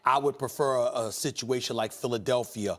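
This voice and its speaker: A man's voice: medium pitch, fairly quick. A man arguing his point on a sports debate show, emphatic and repetitive as he builds his case. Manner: emphatic, repeats himself while building an argument.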